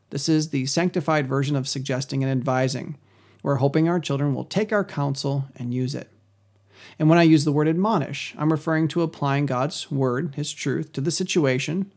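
A man hosting a podcast, giving a measured, scripted teaching on Christian parenting. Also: a little high, vocal fry, a little mellow. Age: adult parent.

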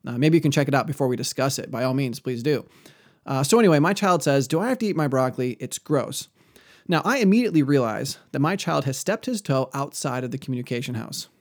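Male speaker, mid-range pitch with a raspy fry, earnest scripture-quoting talk on Christian parenting. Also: quick pace. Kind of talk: earnest religious teaching talk.

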